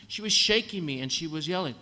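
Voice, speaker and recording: A man's voice: fairly high pitch, animated, fast talker, sharp tone. A man telling a dry, humorous story to a concert audience, acting out the voices of the nurses and doctors. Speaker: singer telling a story on stage. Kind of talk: comic storytelling at a live concert. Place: concert hall on stage.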